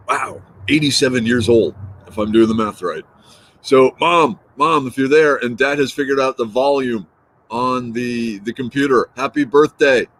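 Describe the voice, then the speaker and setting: A middle-aged man in his fifties hosts a casual early-morning live stream, greeting viewers and answering their comments. He talks in a relaxed, playful way, repeats words and drifts between thoughts. His voice sits in an ordinary middle pitch. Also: rough recording.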